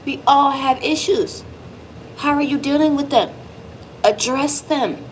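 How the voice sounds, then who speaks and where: A woman's voice: high voice, unhurried, slight background noise, low-quality recording. A woman giving a tarot reading straight to her viewer, emphatic and reassuring, swearing casually as she goes. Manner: lively, emphatic, swearing, speaks directly to the viewer. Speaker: tarot reader.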